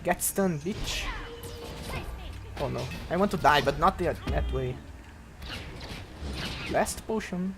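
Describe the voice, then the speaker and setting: A man giving let's-play commentary on a game, breaking into excited, swearing outbursts at the action. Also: a little high, measured pace, vocal fry, long pauses, over music. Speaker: gameplay commentator.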